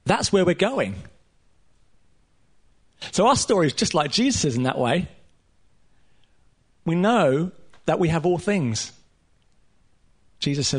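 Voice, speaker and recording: A man preaching a sermon to a room of listeners, earnest and emphatic, with casual asides and pauses. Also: on the high side, sing-song, breathy edge. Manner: casual asides with light laughter. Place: room with a live audience.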